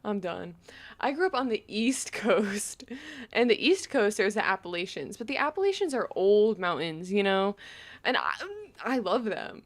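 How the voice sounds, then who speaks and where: A woman's voice: medium pitch, sing-song, normal speed. Chatty young woman with a slight lisp. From New York, Long Island. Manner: rambling, chatty, full of "like". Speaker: gaming vlogger. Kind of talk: casual chat while gaming.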